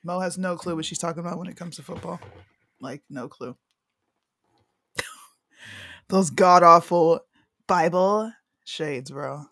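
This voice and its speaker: A blunt, outspoken woman co-hosting a casual chat stream, talking in slang. Her voice sits a little low but is bright and swings widely. The sound is close and dry. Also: unhurried, pauses often, no room sound. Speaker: co-host.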